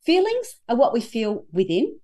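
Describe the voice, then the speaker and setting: A woman speaking as an interview guest, with a fairly high, mellow voice that swings widely in pitch. She talks in an animated way and acts out what she says to herself. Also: moderate pace. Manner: animated, acts out inner dialogue. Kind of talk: conversational interview.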